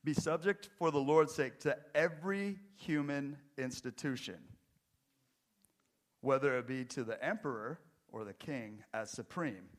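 A middle-aged man preaching a sermon as pastor, mixing joking self-deprecating asides with quiet, earnest emphasis. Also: medium pitch, a little slow. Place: church.

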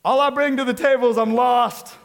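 A man's voice: extremely high pitch, fairly even intonation, fairly quick, creaky, pitched above the performer's own voice. A man voicing a humble lost sinner who pleads with God in a raised, earnest voice during a sermon. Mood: pleading.

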